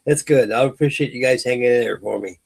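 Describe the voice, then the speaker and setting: This middle-aged Californian man hosts a late-night live hangout stream, chatting casually and telling rambling stories packed with fillers and restarts. He talks fast in a mid-range voice with vocal fry, over a faint hiss or hum.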